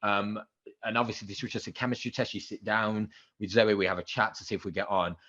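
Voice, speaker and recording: A man in his thirties, a radio presenter, telling animated stories as a podcast guest and acting out the quotes. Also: lowish voice, quick pace, highs cut off. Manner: animated anecdotes with acted-out quotes and excited outbursts. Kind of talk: casual interview storytelling.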